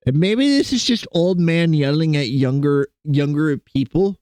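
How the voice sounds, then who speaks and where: A man's voice: on the high side, unhurried, a little mellow, dry recording. A young man streaming from his computer desk at home, rambling and joking with his chat and talking to his cats. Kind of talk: casual live-stream chat.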